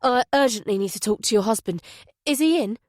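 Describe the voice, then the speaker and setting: A woman's voice: fairly high pitch, expressive, a little fast, no room sound, studio quality, natural voice. A woman reading a firm male detective. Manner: firm, urgent, polite but insistent. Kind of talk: audiobook character voice.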